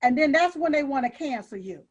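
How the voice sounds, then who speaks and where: A woman's voice: sits high, lively intonation, a little fast, lo-fi sound. A woman co-host cutting in with emphatic questions during a chat. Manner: emphatic, interjecting. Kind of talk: casual chat.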